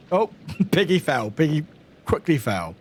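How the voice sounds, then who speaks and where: A young British man streaming a video game, chatting casually with lively outbursts, jokes and laughter. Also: on the high side, takes it slowly, breathy edge. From United Kingdom. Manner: animated, laughing, swearing, chatty. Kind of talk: casual gameplay commentary.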